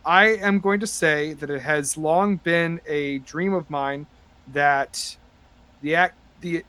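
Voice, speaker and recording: A man narrating and chatting as game master on a tabletop podcast, rambling with many fillers and getting excited. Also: a little high, clean tone.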